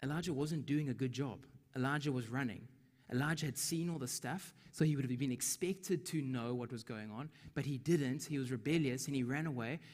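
A man preaching a sermon in a conversational way, dropping into soft whispers when he quotes. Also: medium pitch, brisk, big-room sound.

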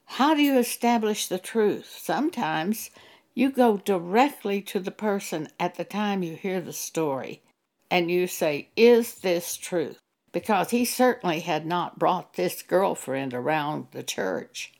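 A woman giving an earnest, measured sermon-style testimony and quoting scripture. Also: on the low side, lively intonation, a little mellow.

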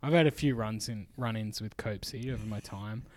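A man's voice: on the low side, a little fast, dry recording. Laughing Australian storyteller, young man. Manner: laughing, animated storyteller who acts out quotes. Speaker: podcast co-host. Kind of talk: casual storytelling among friends.

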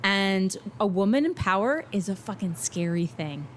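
A woman's voice: mid-range voice, expressive, normal speed, a little hiss or hum. A woman hosting a casual interview, asking questions and reflecting earnestly on the guest's story. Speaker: podcast host, interviewer.

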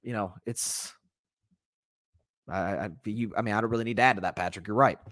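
A man hosting a casual solo sports podcast, talking in an animated, rambling way with many restarts. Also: lowish voice, a little fast, no room sound, studio quality. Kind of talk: casual solo sports commentary reading live comments.

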